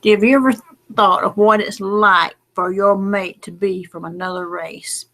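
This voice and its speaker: A woman's voice: medium pitch, steady tone, moderate pace, fairly bright tone. A middle-aged woman, talking in a late-night casual vlog, rambling and folksy, drowsy and close to tears. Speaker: lottery number vlogger.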